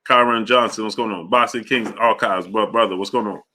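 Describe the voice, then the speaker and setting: A man hosting a casual boxing livestream, rambling loosely between fan shout-outs and fight talk. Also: lowish voice, steady tone, a little fast, a little hiss or hum. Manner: loose, rambling, drifts off track. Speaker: host of a live boxing show. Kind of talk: casual livestream chat reading super chats.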